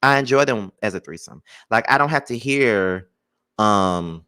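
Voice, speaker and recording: A man's voice: lowish voice, animated, unhurried, sharp tone, smooth. A man with a Mississippi Southern accent, chatting animatedly and slangily in a casual TV review vlog. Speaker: YouTube TV reviewer.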